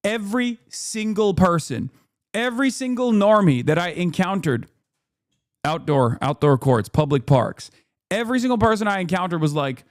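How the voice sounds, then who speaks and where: Brief: male streamer, fairly high voice, blunt profane ranting, dry close-mic sound. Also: animated, normal speed, dry recording. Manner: emphatic and profane, lots of fillers and restarts. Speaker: streamer and political commentator. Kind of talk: casual commentary rant.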